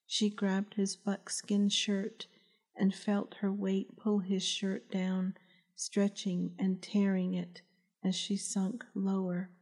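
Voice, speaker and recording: A woman, the author, reading her novel aloud as calm, measured audiobook narration. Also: mid-range voice.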